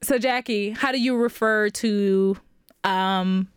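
A young woman with an East Texas accent co-hosting a podcast, casual, teasing and quick to laugh. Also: medium pitch, clean tone, no echo, studio quality. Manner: playful, teasing, laughs often. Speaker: podcast co-host. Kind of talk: casual chat.

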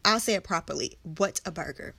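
A young woman from Texas with a Texas accent, co-hosting a podcast in casual, animated chat, laughing easily. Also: mid-range voice, normal speed, dry recording. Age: young adult. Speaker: podcast co-host.

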